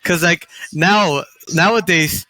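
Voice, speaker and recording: A young man in casual chat, halting and repeating words as he searches for his phrasing. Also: on the high side, bright, forceful tone, dry recording, poor audio.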